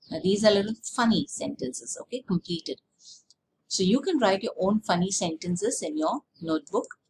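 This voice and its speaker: A woman teacher explaining a lesson slowly, repeating words and checking with "okay?". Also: mid-range voice, lively intonation, a little mellow, a little hiss or hum, poor audio. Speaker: English teacher.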